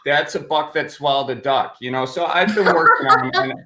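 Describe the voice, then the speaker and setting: A man's voice: on the high side, animated, brisk, reverberant, very noisy. A man chatting and joking on a video call from home, rambling playfully. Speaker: guest. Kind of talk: joking casual chat.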